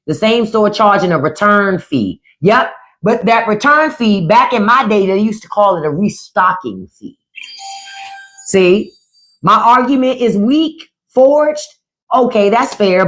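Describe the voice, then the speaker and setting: A woman's voice: mid-range voice, a bit bright. A middle-aged woman hosting a livestream of casual political commentary, blunt and profane, often mimicking the people she talks about. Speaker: livestream host.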